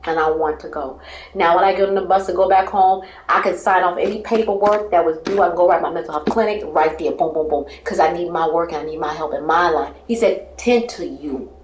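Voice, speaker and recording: A woman's voice: lowish voice, fairly even intonation, fairly quick, roomy sound. A woman telling her life story in casual talk, rambling and emphatic, often breaking into laughter.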